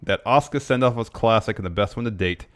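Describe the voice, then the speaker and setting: A man's voice: on the low side, fast talker, fairly bright tone, clean tone. A man co-hosting a podcast, reading listener questions in a dry, matter-of-fact casual chat. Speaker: podcast co-host.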